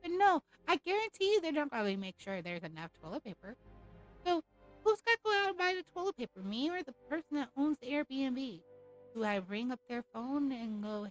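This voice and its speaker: Woman streamer venting, kinda high voice, cussing a lot, dry close mic, little bit of music in the back. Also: sing-song, fairly quick, low-quality recording. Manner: blunt and profane, ranting. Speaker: game streamer. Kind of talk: casual live-stream rant.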